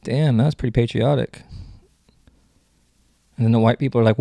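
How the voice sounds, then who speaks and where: A man's voice: medium pitch, fairly even intonation, moderate pace, creaky, pauses often, mellow, no echo. A man hosting a comedy podcast, rambling through jokes and cutting himself off mid-sentence. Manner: rambling, self-interrupting, joking. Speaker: podcast host.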